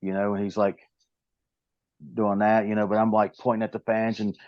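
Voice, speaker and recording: A man's voice: fairly low pitch, flat delivery, moderate pace, no echo. A man in his fifties with a Southern US accent, a pro wrestler telling rambling stories as an interview guest. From American South. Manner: rambling storytelling with many restarts. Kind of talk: casual interview talk. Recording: dull lo-fi, dry sound.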